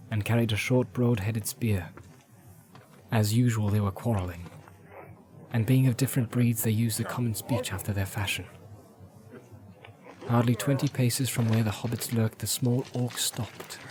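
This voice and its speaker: A man narrating a fantasy audiobook in a measured storytelling way. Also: mid-range voice, fairly even intonation, darkish tone.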